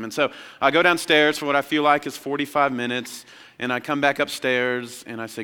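A young man preaching a sermon as pastor, telling stories with lively energy and acting out childhood voices. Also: mid-range voice, fairly quick, smooth. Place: large church hall. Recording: long hall reverb.

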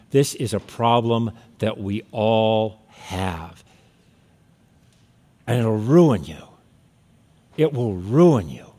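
A man preaching a sermon as pastor, telling stories and rising to emphatic peaks. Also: mid-range voice. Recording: hall reverb.

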